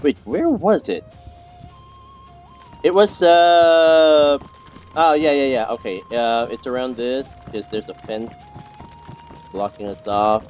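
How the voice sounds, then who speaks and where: A man's voice: mid-range voice, slow pace, pauses often, darkish tone, muffled recording, faint music behind. A young man streaming a game, chatting casually with teammates, rambling and repeating himself with lots of fillers and restarts. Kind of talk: casual gameplay chat with teammates.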